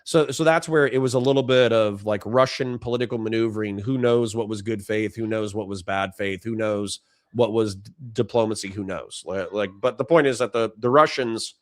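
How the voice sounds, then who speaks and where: A man's voice: lowish voice, normal speed, no room sound, clean studio sound. A young man giving a casual political commentary stream as host, talking loosely with slang, stumbles and restarts.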